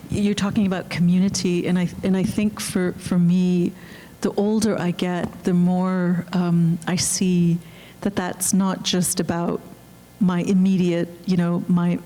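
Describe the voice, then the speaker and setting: A woman speaking as a film director on a panel, earnest and halting, with frequent restarts. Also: on the low side, level tone, mellow. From Canada. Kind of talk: reflective panel talk. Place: auditorium.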